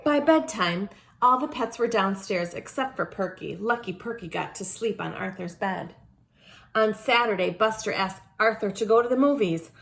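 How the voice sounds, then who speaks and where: Woman storyteller, gravelly, children's read-aloud with teaching asides. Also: mid-range voice, expressive, moderate pace, a little hiss or hum. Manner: warm, lesson-minded aside to children.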